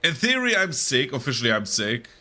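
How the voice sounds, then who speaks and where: Bright, nasal man with a cold. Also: medium pitch, big pitch swings, brisk. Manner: rambling and chatty, talking over gameplay. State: sick with a cold, nasal and rough-throated. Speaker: streamer. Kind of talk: casual live-stream chat while gaming.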